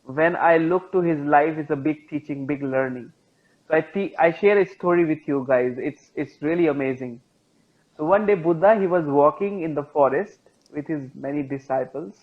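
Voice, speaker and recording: A man with an Indian accent, a meditation teacher, gently telling a teaching story in English over a video call. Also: on the high side, normal speed, phone-quality sound. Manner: gentle, repetitive, patient phrasing.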